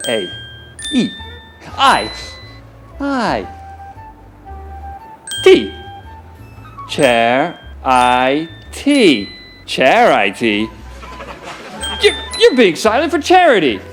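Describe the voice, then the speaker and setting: An earnest police detective in a sitcom, speaking slowly and formally. His voice rises and falls widely as he works things out, a touch higher than most men. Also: soft background music, full character voice. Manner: formal, animated, slow and deliberate. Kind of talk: sitcom acting.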